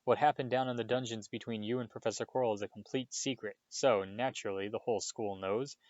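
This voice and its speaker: A kindly old male headmaster wizard speaks in a gentle, measured, wry way, as a man reading aloud puts him on. His voice sits low. The recording is dull and dry. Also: steady tone, no room sound, close to an everyday voice.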